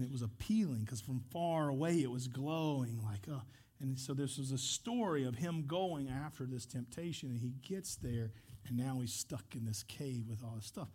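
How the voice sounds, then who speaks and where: A male pastor with a warm, slightly rough mid-range voice leads a church service. He tells a story and prays in an earnest, conversational way, restarting his sentences at times.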